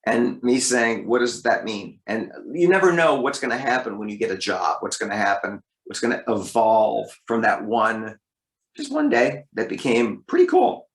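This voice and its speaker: A man with a fairly low voice tells career stories as an interview guest. He talks in a lively way and jumps up in pitch to land a point. The recording has a roomy echo. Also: normal speed. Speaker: voice actor guest. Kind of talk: interview storytelling.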